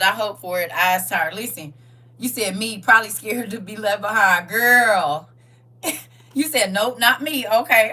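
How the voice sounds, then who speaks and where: Bright, lively woman livestreaming. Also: fairly high pitch, recorded from a distance. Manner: animated, laughing, talks back to chat with slang. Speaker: livestream host. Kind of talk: casual livestream chat reading viewer comments.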